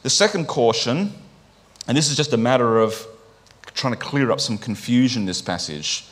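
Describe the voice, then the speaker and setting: A man preaching to a congregation in a relaxed, conversational tone. His voice sits in a middle pitch. He often stops to check in with "right?" and restarts phrases as he works through a passage. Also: normal speed. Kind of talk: sermon.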